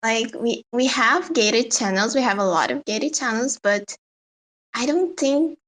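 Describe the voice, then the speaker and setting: A woman's voice: fairly high pitch, lively intonation, a little slow, a bit bright. A woman joining a live audio chat as a speaker, hesitant and giggly, with lots of fillers. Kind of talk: casual chat.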